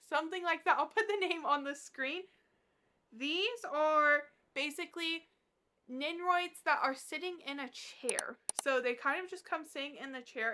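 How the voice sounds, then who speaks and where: A woman's voice: sits high, bright, forceful tone. A woman vlogging to camera in a casual, gushing way, with plenty of fillers as she shows off her collection. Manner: bubbly, gushing, filler-heavy.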